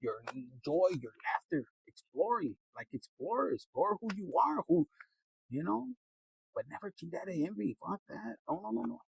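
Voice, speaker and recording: A man's voice: high voice, very animated, normal speed, gravelly, slightly rough, dry recording, rough recording. A man giving a rambling, casual tarot reading, laughing often, swearing freely and slipping into Spanish. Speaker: tarot reader.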